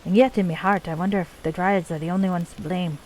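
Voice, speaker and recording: A woman voicing a gruff male dwarf clan leader, weary of endless war, in a put-on Scottish accent. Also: fairly low pitch, steady tone, quick pace, a little mellow, a little hiss or hum, natural voice, rough recording. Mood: somber. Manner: gruff, archaic folksy dwarf speech. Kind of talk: reading game dialogue aloud.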